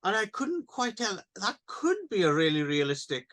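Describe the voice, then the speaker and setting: A man with a slightly raised voice co-hosts a casual film podcast. He thinks out loud and ponders each point, often restarting his sentences. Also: sits high, big pitch swings, normal speed. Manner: thoughtful, musing, with hesitant restarts. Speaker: podcast co-host.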